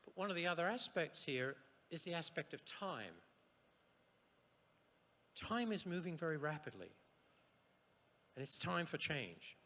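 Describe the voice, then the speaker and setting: A man from Australia giving a university science lecture, rhetorical and lively, with asides and short jokes. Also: on the high side, a little slow, pauses often. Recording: echoey lecture hall.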